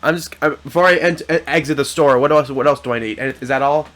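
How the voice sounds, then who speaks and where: A man's voice: medium pitch, fast, a bit bright. A young man playing a video game with a friend, chatting casually, hesitant with many fillers. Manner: hesitant, filler-heavy, says bam a lot. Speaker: gamer. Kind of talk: casual gaming chat.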